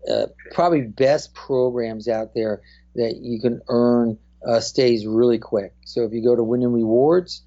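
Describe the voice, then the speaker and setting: A man from New Jersey with a New Jersey accent, a guest in a casual interview, speaking haltingly with many fillers. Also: mid-range voice, dark tone, lo-fi sound. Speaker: guest, hotel representative.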